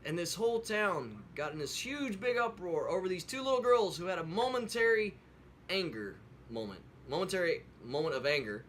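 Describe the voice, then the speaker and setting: Slightly high-voiced man, folksy rambling devotional storyteller. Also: expressive, normal speed, a bit bright, slight background noise. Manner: folksy, rambling, with many fillers and restarts; earnest preaching in closing. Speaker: video host telling a devotional story. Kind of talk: casual storytelling with a sermon close.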